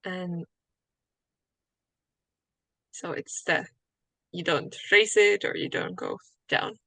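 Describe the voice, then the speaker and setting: Slow, gravelly woman student. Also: fairly low pitch, fairly even intonation, pushed and bright, dry recording. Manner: slow, careful, tentative. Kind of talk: casual online language lesson.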